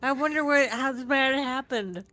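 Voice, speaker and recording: A woman's voice: high-pitched, a little fast, pushed and bright. Dry, sarcastic woman player. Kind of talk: playing a tabletop game.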